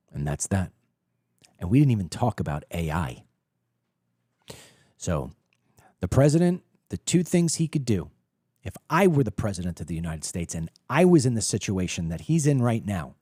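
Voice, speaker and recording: A man's voice: on the low side, dark tone, slightly rough, no room sound, studio quality. A middle-aged man hosting a political talk show, delivering an opinionated monologue full of emphatic rhetorical questions and repeated words.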